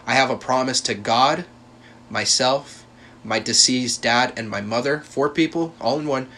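Young male podcast host, tense bright voice, emphatic and profane, faint ambience behind. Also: mid-range voice, a little hiss or hum. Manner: heated, profane and emphatic, with many restarts and repeated words. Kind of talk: personal storytelling monologue.

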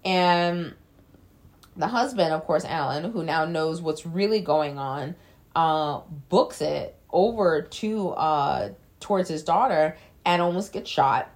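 A woman's voice: sits low, slow pace. A woman casually recapping a film plot in a loose, chatty way, with frequent fillers and blunt swearing. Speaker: film reviewer.

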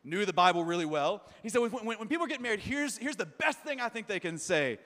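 A man's voice: sits high, expressive, a little fast, pushed and bright, long reverb tail. A male pastor preaching a sermon in a casual, conversational way, telling self-deprecating stories full of fillers.

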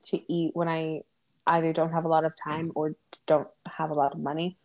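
Teasing woman co-host, mellow voice. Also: deep voice, level tone. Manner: teasing, quick interjections. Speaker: podcast co-host. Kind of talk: casual chat.

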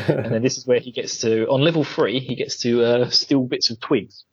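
A man's voice: steady tone, normal speed, husky. A man co-hosting a casual podcast chat on a headset, recapping an episode and laughing often. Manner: giggly, acts out quotes in high voices. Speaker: podcast co-host. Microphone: Bluetooth headset. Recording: dull lo-fi headset audio.

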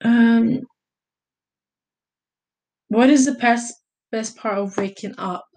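A woman's voice: a little high, slow, a little mellow. A young woman from Italy answering casual vlog questions, rambling and hesitant, with lots of fillers and self-corrections. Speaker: vlogger.

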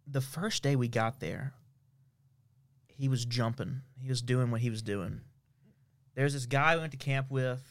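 A man co-hosting a podcast in casual chat, making dry teasing remarks and telling stories. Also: medium pitch. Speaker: podcast co-host.

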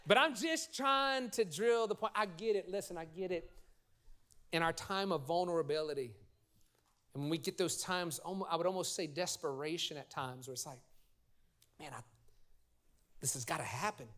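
High-voiced pastor, lively sermon. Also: male voice, normal speed. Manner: lively storytelling with audience call-and-response. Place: church sanctuary.

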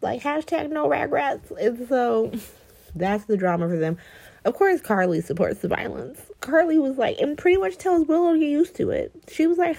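A woman recapping soap opera episodes in a gossipy, animated chat, acting out the characters' lines. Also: high-pitched, normal speed, gravelly. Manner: gossipy, animated, quotes characters in mock voices, laughs often.

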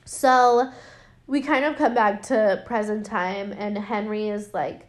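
A woman's voice: mid-range voice, fairly even intonation, slow pace. A young woman podcast host recapping a film in casual, sarcastic, profane chat, full of fillers.

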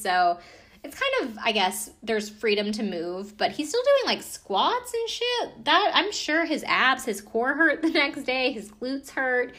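A woman's voice: a little high, pushed and bright. A woman casually recapping a reality TV episode, chatty and profane, with lots of fillers and asides. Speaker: podcast recapper.

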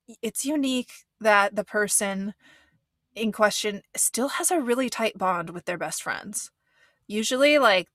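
A woman's casual commentary, earnest and meandering, full of restarts and fillers. Her voice sits a little low and the sound is dry and close, with no room around it. She is openly moved as she talks. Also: fairly bright tone, no room sound. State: getting emotional. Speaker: commentator reacting to a reality show.

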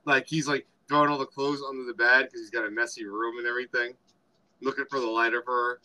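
Male co-host, bright and rambling, casual retelling of film scenes. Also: medium pitch, flat delivery, fast talker, rough recording. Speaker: podcast co-host. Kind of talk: casual movie review chat.

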